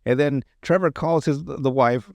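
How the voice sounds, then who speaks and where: A man's voice: mid-range voice, a little slow, gravelly, darkish tone, no room sound. A man hosting a podcast, telling sketch stories in a rambling, profane, chuckling way. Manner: rambling, profane, laughing storyteller. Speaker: podcast host. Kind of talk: casual chat, recapping comedy sketches.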